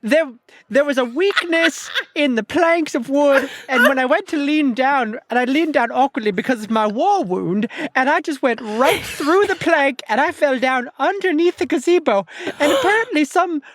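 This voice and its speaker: A woman's voice: sits high, animated, normal speed, slight background noise. A woman voicing a rambling, long-winded old male halfling father in a tabletop game. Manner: doddering, long-winded storytelling.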